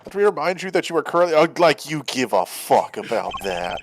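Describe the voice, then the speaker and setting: Animated joking male gamer. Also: a little high, moderate pace, a little hiss or hum. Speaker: let's play voice actor. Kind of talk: casual gaming chat. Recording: music in background.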